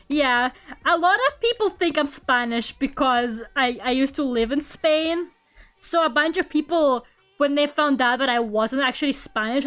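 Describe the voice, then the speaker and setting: A young woman with a light Russian accent, chatting casually on a stream, self-mocking and quick to laugh loudly. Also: high-pitched. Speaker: Vtuber streamer. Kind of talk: casual chat while drawing. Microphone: streaming microphone at home.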